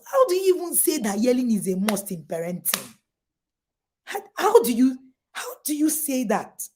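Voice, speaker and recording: Animated Nigerian woman coaching parents. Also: high voice, moderate pace. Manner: animated, emphatic, mock-shouting to make points. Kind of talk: motivational talk to parents.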